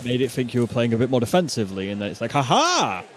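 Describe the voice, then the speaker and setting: A man's voice: mid-range voice, very fast, darkish tone, slight background noise. A man commentating a video game match in a chatty, playful way, calling the plays as they happen.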